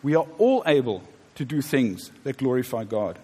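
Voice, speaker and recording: A man's voice: mid-range voice, very animated, normal speed, warm tone, husky. A man in his fifties preaching a sermon in a church, conversational and joking with the congregation. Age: 50s. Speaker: pastor. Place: church hall. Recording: reverberant church hall.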